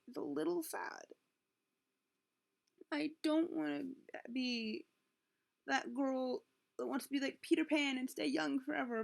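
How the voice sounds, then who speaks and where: A young woman in her late teens with a high voice and a gravelly, fry-edged tone. She rambles into her computer's built-in webcam at home and keeps interrupting herself as she talks. Her throat is sore. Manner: rambling, self-interrupting, emotional. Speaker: vlogger. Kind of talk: confessional webcam vlog. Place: at home, indoors. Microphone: built-in computer webcam mic.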